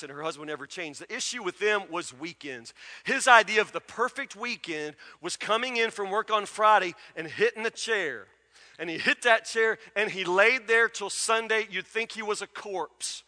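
Pastor, a man, folksy and emphatic in his sermon; very high-pitched voice, echoing through a big hall. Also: moderate pace, pushed and bright. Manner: folksy storytelling preacher, emphatic repetition. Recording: long reverb of a large hall.

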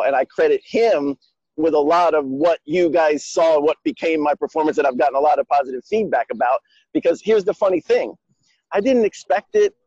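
A man's voice: fairly high pitch, darkish tone, no echo, lo-fi sound. A man telling a story in a loose, heavily profane, emphatic way. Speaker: guest speaker. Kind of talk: casual conversation.

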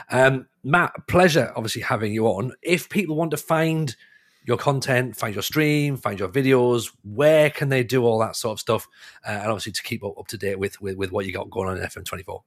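A man's voice: on the low side, fairly quick. A man hosting a podcast, chatting casually, encouraging his guest and often murmuring agreement. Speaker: podcast host.

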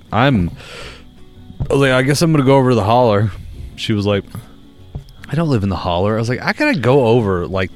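Man, young adult, lively rising-and-falling delivery, casual podcast storyteller, cusses a lot. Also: fairly low pitch. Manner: animated storyteller, swears freely. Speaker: podcast co-host.

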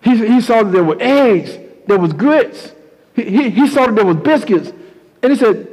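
A preacher with a high, ringing voice drives home his points, repeating key lines for emphasis. His sermon storytelling carries a long hall reverb behind every phrase. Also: animated, normal speed, a little mellow, breathy edge.

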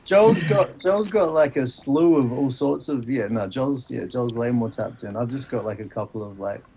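A man chats casually as a podcast guest, laid back and swearing freely, often trailing off into a laugh. His voice sits at a middling pitch and comes through a video call, with a faint hiss and clicks behind it. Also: moderate pace, vocal fry.

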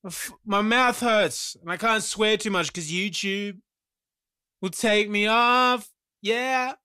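High, bright man reacting live. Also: takes it slowly, clear, resonant tone, no room sound, clean studio sound. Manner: exclaiming and swearing, groaning in disgust. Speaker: live streamer.

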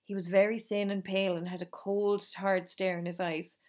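A woman reading a novel aloud in a calm, steady storytelling manner. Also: medium pitch, moderate pace. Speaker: reader.

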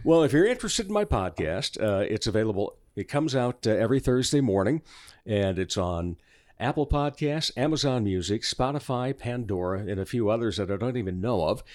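A man talking as a guest in a radio studio, his voice very lively in pitch as he spins a long joke. He rattles through spelled-out letters at speed and laughs along as he goes. The sound is close and dry. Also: no room sound. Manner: animated storyteller, rapid spelling patter, laughs often. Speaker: guest performer and podcaster. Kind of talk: casual studio chat, telling a long joke. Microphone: studio microphone.

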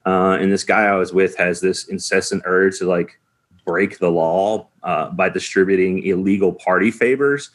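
A man's voice: sits low, steady tone, moderate pace. A man in his forties telling a rambling story in casual chat, full of "like" fillers.

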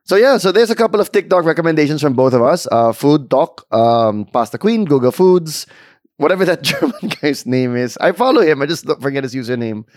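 A man's voice: fairly high pitch, very animated, brisk, no echo. Chatty Filipino man in dry close sound. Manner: chatty, mixes English and Tagalog. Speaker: podcast co-host. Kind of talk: casual chat.

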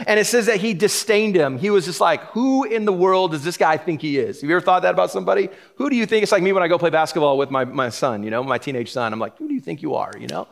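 A man's voice: high voice, creaky, a bit bright. A middle-aged man preaching a sermon from the pulpit in a casual, joking way. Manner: casual and joking, laughs between points. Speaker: pastor. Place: church sanctuary.

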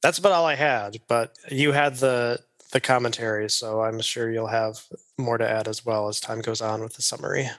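A man with a plain mid-pitched voice, co-hosting a relaxed movie podcast. He works through his notes in a steady, measured way, often pausing on an "uh". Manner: measured, reading notes with "uh" fillers. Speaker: podcast co-host. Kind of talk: casual movie podcast chat.

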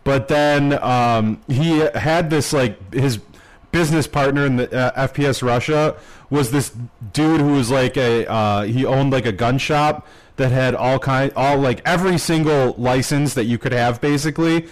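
On a podcast he co-hosts, a man with a medium-pitched voice tells a rambling story at an unhurried pace, full of filler words and swearing. It's loose, casual chat. The audio quality is poor.

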